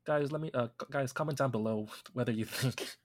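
A man's voice: mid-range voice, brisk. A young man co-hosting a podcast, chatting casually and teasing his co-host with frequent laughter. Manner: joking, teasing, laughs often. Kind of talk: casual chat.

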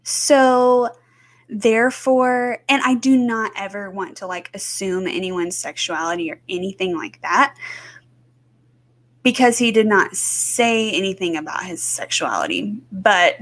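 A woman's voice: mid-range voice, measured pace. A woman co-hosting a podcast, chatting casually with many fillers and restarts. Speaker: podcast co-host. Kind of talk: casual chat.

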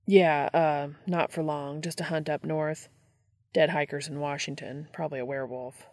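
A woman reading the part of a restless male monster hunter who talks in a hurried, defensive way. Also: deep voice, steady tone, darkish tone, dry recording, studio quality.

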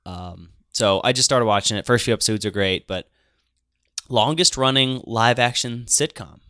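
A man's voice: medium pitch, moderate pace, pushed and bright, clean tone, no room sound, studio quality. A man co-hosting a casual podcast chat, delivering blunt, emphatic opinions. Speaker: podcast co-host.

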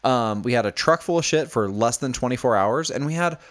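A man's voice: mid-range voice, animated, brisk. A man with a mid-range voice telling stories on a podcast in a casual chat. His manner is playful, and he slips into giggles as he goes. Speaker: podcast co-host.

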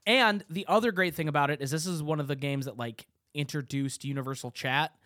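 A man's voice: a little high, a little fast, sharp tone, dry recording, studio quality. A man co-hosting a casual podcast chat, explaining things matter-of-factly. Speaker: podcast co-host.

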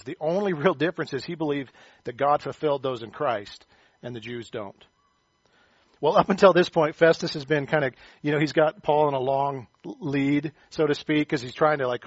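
A male pastor gives a relaxed, joking sermon and slips into voices for the figures he quotes. His voice sits a little high for a man. The recording is dry and slightly muffled. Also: husky, no echo.

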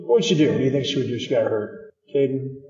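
A man's voice: medium pitch, rapid-fire, darkish tone. A man, a priest, giving a chatty homily to children and quizzing them by name. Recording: dull distant recording in an echoey hall.

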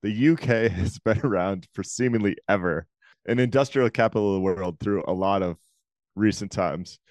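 A man's voice: lowish voice, moderate pace, a little mellow, no room sound. A man co-hosting a podcast, bantering playfully and telling jokes in casual finance chat. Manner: playful, tells jokes with put-on quotes. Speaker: podcast co-host.

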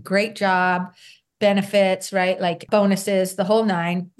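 A woman's voice: mid-range voice, flat delivery, slow pace. Earnest middle-aged woman telling her story. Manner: earnest, ends points with tag questions; acts out remembered dialogue. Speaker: interview guest. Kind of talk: conversational personal storytelling.

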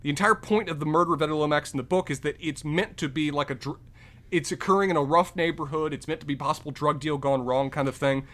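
A man's voice: a little high, fast talker, a bit bright. A man co-hosting a casual film review podcast, talking in long, detailed run-on points. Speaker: podcast co-host.

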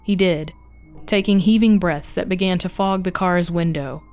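A woman with a slightly low voice narrates a scripted horror story. Her delivery is measured and steady, with faint music underneath.

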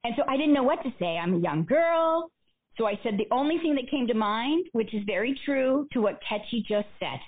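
A woman guest speaker telling personal stories in an interview, earnest and animated. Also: on the high side, fairly quick, slightly rough. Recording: phone-like narrow band.

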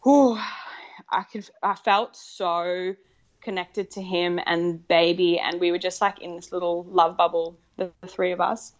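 A woman guest telling a personal story in conversation, animated and excited, acting out what people said. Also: fairly low pitch, measured pace. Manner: animated, excited, acts out quoted dialogue. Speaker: podcast guest. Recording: slightly muffled lo-fi recording.

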